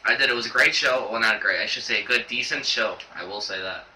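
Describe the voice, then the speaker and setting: A young man giving a casual, rambling video review of a wrestling show, halting with many fillers and sounding choked up. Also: fairly low pitch, sharp tone. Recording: echoey room, distant camera mic, faint noise.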